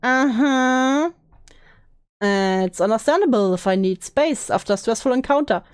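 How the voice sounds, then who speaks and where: A woman's voice: a little high, lively intonation, normal speed, clean tone, no room sound, clean studio sound. A young woman talking casually on a stream, emotional and swearing, laughing often.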